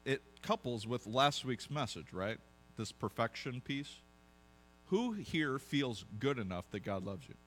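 A man's voice: mid-range voice, lively intonation, a little slow, fairly bright tone, a little hiss or hum. A pastor preaching a conversational sermon to his congregation, asking them questions as he goes.

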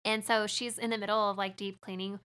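A woman's voice: mid-range voice, level tone, fairly quick, pushed and bright, clean tone. A young woman talking casually about a movie, chatty, laughing often and acting out lines.

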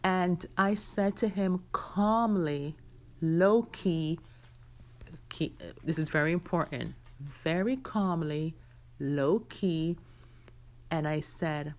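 A woman with a low voice tells a personal story on her podcast, unhurried and candid. She talks straight to her listeners as if they were friends in the room. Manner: candid, conversational, addresses listeners directly. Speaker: podcast host.

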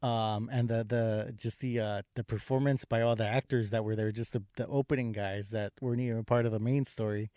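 A man's voice: on the low side, steady tone, a little fast, hardly any pauses, dark tone, no room sound, clean studio sound. A man co-hosting a casual film review chat, rambling with lots of fillers and restarts. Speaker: podcast co-host reviewing a horror film.

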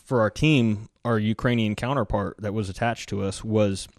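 A man, a military veteran, telling war stories in a loose, animated, casual podcast conversation. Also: on the low side, normal speed, no echo, clean studio sound.

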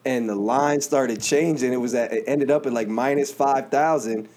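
A man's voice: medium pitch, normal speed, darkish tone. A man hosting a podcast, telling joking stories in casual chat. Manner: joking, storytelling, laughs a lot. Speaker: podcast host.

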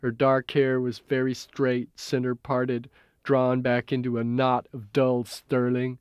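Male audiobook narrator, steady delivery, dead-dry recording. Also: medium pitch, a little slow, clean tone, no room sound. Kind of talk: scripted narration.

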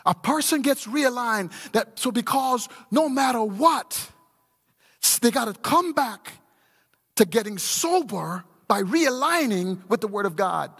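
A middle-aged man preaching a sermon as pastor, swinging from low murmurs to shouted emphasis. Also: husky. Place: church. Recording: long reverb of a large church hall.

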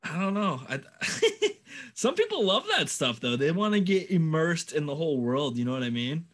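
A man's voice: fairly high pitch, sing-song, normal speed, a bit bright. A man co-hosting a casual chat, joking along and laughing often. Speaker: podcast co-host.

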